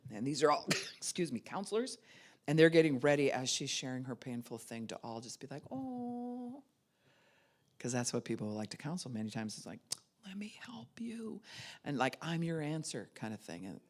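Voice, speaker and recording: An older woman pastor giving a sermon, telling stories and acting out the voices in them. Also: extremely low pitch. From United States. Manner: animated storytelling, acts out voices.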